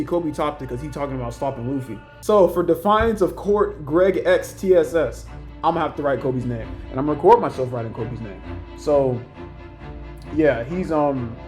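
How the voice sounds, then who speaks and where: A young man with a voice pitched a bit high talks in a loose, rambling rant. He jumps between points and acts out other people's lines in raised voices. Faint music plays behind him. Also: darkish tone. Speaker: YouTuber ranking characters. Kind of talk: casual ranting commentary.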